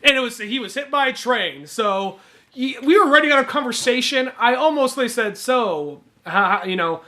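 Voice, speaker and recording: A man's voice: very high voice, animated, normal speed, bright, forceful tone. A young man co-hosting a podcast, telling stories in a rambling way with many fillers and restarts. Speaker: podcast co-host. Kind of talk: casual chat.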